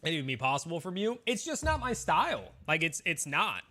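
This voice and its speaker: A man's voice: a little high, sing-song, fairly quick, sharp tone. A young man, a game streamer, chatting casually with his viewers in a rambling, defensive way with lots of fillers.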